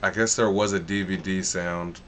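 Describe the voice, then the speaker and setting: A man's voice: low voice, steady tone, normal speed, fairly bright tone, a little hiss or hum. Laid-back stream host guy. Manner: laid-back, swears casually, rambling. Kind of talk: casual chat.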